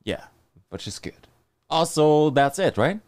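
A man's voice: a little high, big pitch swings, measured pace, darkish tone, dry recording. A man with a German accent hosting a live podcast, reading sponsor spots and chatting with a guest in an upbeat, hyping way. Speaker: podcast host. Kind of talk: live podcast chat and read ads.

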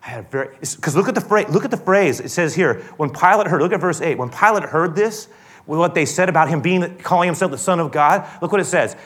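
A male pastor preaching a sermon in an animated, storytelling way with frequent restarts. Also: fairly high pitch, quick pace.

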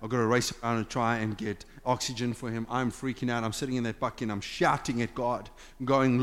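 A man preaching a sermon as a pastor, impassioned, swinging between loud urging and hushed, intimate talk in a church sanctuary. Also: medium pitch, flat delivery, brisk, hardly any pauses. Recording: long hall reverb with faint music.

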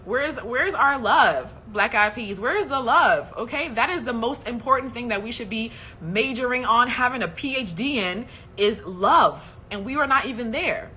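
A woman's voice: fairly high pitch, animated, normal speed, few pauses, bright, forceful tone, slight background noise. A woman hosting a casual faith livestream, speaking in an emphatic, preachy way and often checking in with "okay?". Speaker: host.

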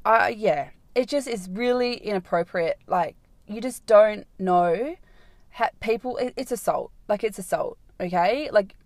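A woman's voice: mid-range voice, a little slow, a little mellow, dry recording. A young woman, hosting a podcast and telling a rambling night-out story, packed with "like" fillers and swearing. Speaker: podcast host. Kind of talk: casual storytelling monologue.

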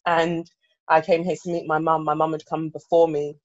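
A reflective guest in their thirties, raised in England, talking in an interview. They speak earnestly at a middle pitch, restarting phrases as they search for the right words. The recording sounds a little dull and muffled. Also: flat delivery, normal speed. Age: 30s.

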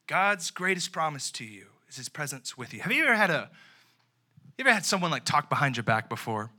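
Bright-voiced young man preaching. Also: a little high, brisk. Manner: animated, conversational preaching with slang and acted-out asides. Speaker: youth pastor. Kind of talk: sermon.

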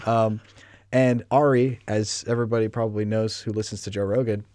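A man in a relaxed podcast chat, telling stories and acting out the people in them. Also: lowish voice, a little fast, no echo. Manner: storytelling, acts out quotes loudly.

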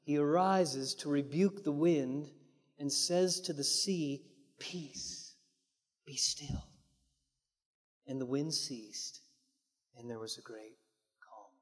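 High-voiced preacher in a reverberant hall. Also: male voice, takes it slowly. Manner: dramatic, swinging from loud emphasis to hushed near-whispers. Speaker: pastor. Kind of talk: sermon.

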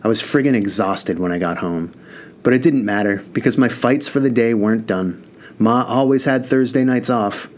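A man's voice: mid-range voice, moderate pace, a little hiss or hum. A man reading a first-person novel aloud in an earnest, casual voice with mild swearing. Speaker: audiobook narrator.

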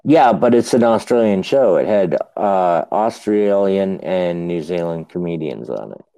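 Slow, low-voiced man. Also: lively intonation, creaky, mellow, rough recording. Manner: unhurried, jokey, swears freely. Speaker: podcast host. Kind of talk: casual chat.

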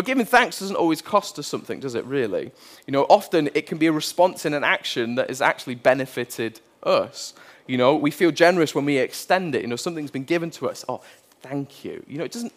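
A man, preaching a sermon in a conversational way and asking his listeners many rhetorical questions. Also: on the high side. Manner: conversational, with playful acted quotes and rhetorical questions. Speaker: pastor.

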